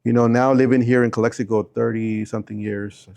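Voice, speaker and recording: A man in his fifties from Bolivia, a teacher and coach, telling stories in a relaxed interview and often repeating his answers. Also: medium pitch, brisk, vocal fry. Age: 50s. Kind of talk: casual interview.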